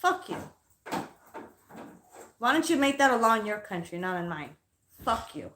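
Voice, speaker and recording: A woman's voice: fairly high pitch, very animated, moderate pace, background noise. A woman hosting a casual livestream as a psychic reader, telling stories in a heated, profane way and sounding tired. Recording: echoey room.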